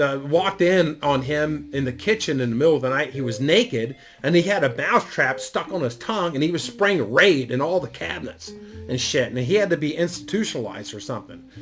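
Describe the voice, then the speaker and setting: Rambling and swearing freely, a middle-aged man spins a story for his YouTube audience, peppering his relaxed monologue with fillers. His voice is pitched fairly high and sounds a bit bright.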